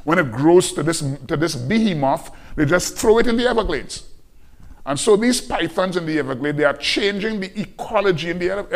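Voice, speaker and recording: Man, pastor, sermon, slightly high voice, emphatic, repeats phrases. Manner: emphatic preaching, repeats key phrases, slows on scripture quotes.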